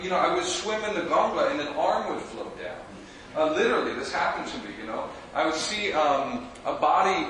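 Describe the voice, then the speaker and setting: Man, casual talk to a group, slightly high voice, echoey room, distant mic. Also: a bit bright. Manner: chatty, laughs often, asks the audience questions. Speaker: spiritual teacher giving a talk. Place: room with a small audience. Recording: roomy and echoey, from far off, noisy.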